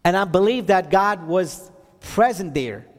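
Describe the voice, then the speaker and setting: Male preacher with a high voice, testimony-style sermon, halting delivery that builds to emphasis; long reverb from a big hall. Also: expressive. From Texas. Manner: storytelling with many restarts and fillers, rising to emphatic preaching.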